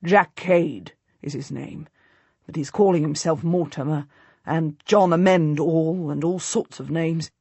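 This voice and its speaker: A woman voicing a hushed, husky noble husband. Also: deep voice, a little slow, no echo, exaggerated voice. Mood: urgent. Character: anxious devoted noble husband, a knight. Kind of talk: audiobook character voice.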